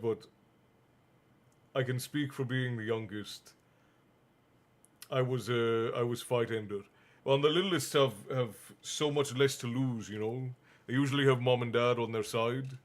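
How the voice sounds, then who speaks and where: A man reading a bedtime story aloud on a stream and chatting with viewers in a relaxed, chatty manner. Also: mid-range voice. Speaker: stream host and reader. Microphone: streaming mic.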